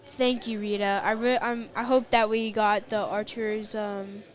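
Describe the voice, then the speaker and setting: A woman's voice: medium pitch, flat delivery. A woman with a Texan accent co-hosting a live archery stream, speaking hesitantly with many fillers. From Texas. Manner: hesitant, filler-heavy, slow wrap-up talk. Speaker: livestream co-host. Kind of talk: casual live commentary chat.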